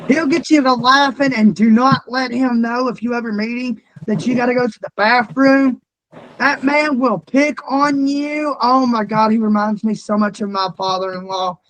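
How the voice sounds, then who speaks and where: A man interviewing a guest, telling animated, profane stories with shouted punchlines. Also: extremely high pitch, moderate pace, a little hiss or hum, rough recording. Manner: profane, animated, loud storytelling. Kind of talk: casual storytelling.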